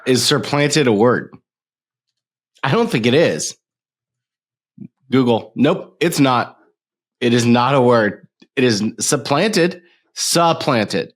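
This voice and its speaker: A man's voice: medium pitch, expressive, slow pace, pauses often. A man co-hosting a casual sports podcast, chiming in with playful, teasing remarks. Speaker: podcast co-host.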